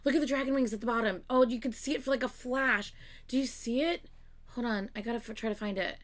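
A woman hosting a reaction video, gushing, exclaiming and swearing as she watches, excited and close to tears. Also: on the high side, quick pace. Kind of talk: casual reaction commentary.

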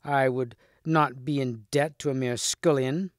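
A man's voice: medium pitch, steady tone, measured pace, dry recording, studio quality, lightly acted. A man voicing a scornful, haughty young noble lady who sneers and insults. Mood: mocking.

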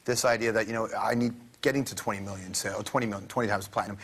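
A man hosting a television talk show, asking probing questions and pushing back on his guest. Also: on the low side. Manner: probing, quick questions with lively challenges. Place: television studio.

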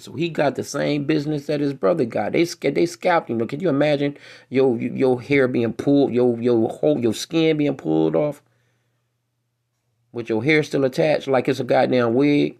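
A man reading scripture aloud and commenting on it in blunt, profane, emphatic street talk, slowing down deliberately for the old text. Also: medium pitch, creaky.

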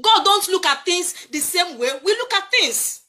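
A woman's voice: very high voice, lively intonation, moderate pace, pushed and bright. A Nigerian woman giving an impassioned commentary monologue, emphatic and preachy, full of rhetorical questions. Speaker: political commentator.

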